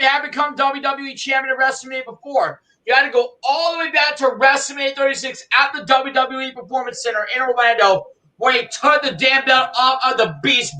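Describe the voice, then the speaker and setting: A young man co-hosting a casual chat, excitable and quick to shout and swear. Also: extremely high pitch, rough recording. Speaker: co-host.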